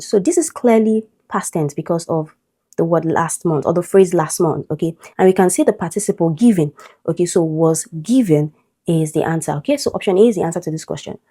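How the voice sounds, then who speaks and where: Low mellow-voiced woman tutor. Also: a little fast, breathy edge. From Nigeria. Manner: explanatory, checks in with frequent "okay?". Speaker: English exam tutor. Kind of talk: teaching a test-prep lesson.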